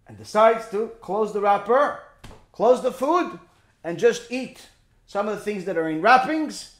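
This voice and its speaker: A man giving an informal religious lesson through a story, checking in with his listeners by asking "okay?" and "right?". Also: sits high. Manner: animated, peppers points with "okay?" and "right?". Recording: echoey room.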